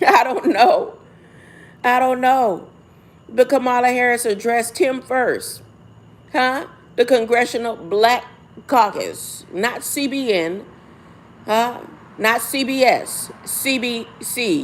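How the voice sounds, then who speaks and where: Woman, slow pace, rambling commentary, reads aloud, rhetorical asides. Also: a little high. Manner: rambling, asks rhetorical "huh?" often, breaks off to self-correct. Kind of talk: casual musing commentary.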